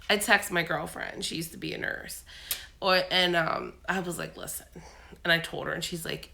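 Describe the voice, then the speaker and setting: A woman's voice: on the low side, fairly even intonation, moderate pace, creaky, pushed and bright. A woman vlogging casually at home, sick with a cold and her voice coming and going, telling a long rambling story full of fillers. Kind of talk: casual chat.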